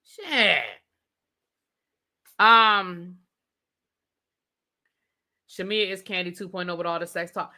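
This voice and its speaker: A woman's voice: lowish voice, steady tone, slow pace, long pauses, pushed and bright. A woman with a DC accent hosting a live TV review rant, chatty and sassy, answering her live chat as she talks. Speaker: host.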